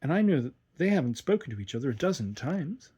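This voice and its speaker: A man's voice: mid-range voice, sing-song, fast, warm tone, breathy edge. Man reading a sensible young woman. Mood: matter-of-fact.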